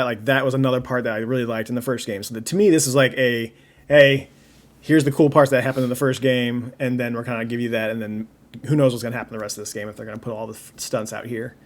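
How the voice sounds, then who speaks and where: Rambling man on a gaming podcast. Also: medium pitch. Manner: rambling, restarts often, enthusiastic. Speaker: podcast co-host. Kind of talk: casual podcast chat.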